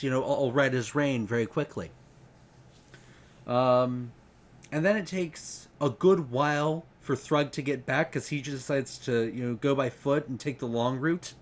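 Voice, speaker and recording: Man recapping a fantasy novel, casual, rambling, lots of ums, mid-pitched. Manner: rambling, hesitant, many ums. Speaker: book reviewer. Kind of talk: casual book retrospective.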